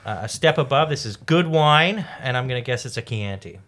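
A man on a casual podcast, giving measured, drawn-out wine tasting notes with many pauses. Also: mid-range voice, expressive, fairly bright tone. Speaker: comedian guest.

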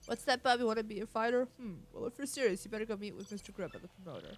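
A woman's voice: a little high, expressive, racing. A woman voicing a curt male door guard at a fighting arena, reading game dialogue aloud. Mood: gruff. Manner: curt, calls everyone bub.

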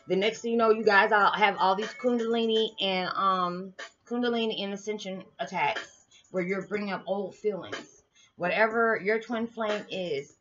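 A woman talking casually to her viewers about spiritual matters, animated and often laughing. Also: mid-range voice. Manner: animated, laughing, lively swings in loudness. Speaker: vlogger. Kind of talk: casual spiritual vlog talk. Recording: dull lo-fi sound with faint music.

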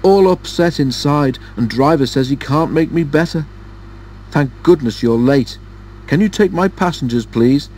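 A cheeky storybook bus who likes to tease and boast, pitched a little above the reader's own voice, as a man puts him on. A faint background noise sits under the reading. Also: expressive, measured pace, darkish tone. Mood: woeful. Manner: teasing, cheeky. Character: male red bus, teasing and boastful.

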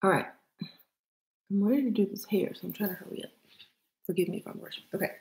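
A woman's voice: mid-range voice, quick pace, a little mellow, a little hiss or hum, low-quality recording. A middle-aged woman with a Southern accent chatting casually through a makeup tutorial, playful and often dropping to a murmur. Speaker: beauty vlogger.

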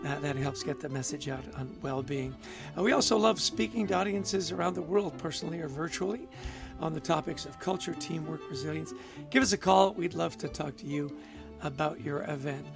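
A man co-hosting a podcast in easy, upbeat conversation. His voice sits a little high with a gravelly fry, and faint music plays behind him. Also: fairly quick. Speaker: podcast co-host. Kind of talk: casual podcast chat.

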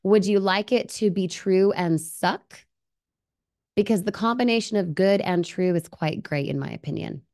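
A woman's voice: mid-range voice, normal speed, darkish tone. A woman presenting a live online webinar, upbeat and persuasive, often asking viewers questions and reading their comments aloud. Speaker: livestream presenter.

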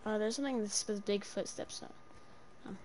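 A young woman streaming a game, chatting casually, swearing and yelling in panic between low mutters. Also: brisk, a little hiss or hum. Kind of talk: casual gameplay chat.

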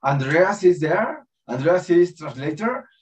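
A man giving a spiritual talk with prayer, halting and searching for words in a second language, chuckling often between thoughts. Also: a little high, expressive. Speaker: spiritual teacher. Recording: dull, distant lo-fi call audio.

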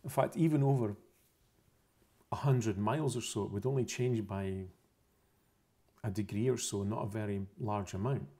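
A man's voice: fairly low pitch, normal speed, long pauses, mellow. A man explaining a science topic over pictures, unscripted, methodical and repetitive, often correcting himself mid-phrase. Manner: methodical, repeats points, self-corrections.

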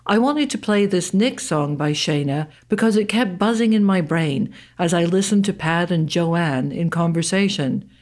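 A woman's voice: fairly low pitch, moderate pace, hardly any pauses, a little mellow. A woman podcast host reading a scripted event announcement in a polished, articulate way.

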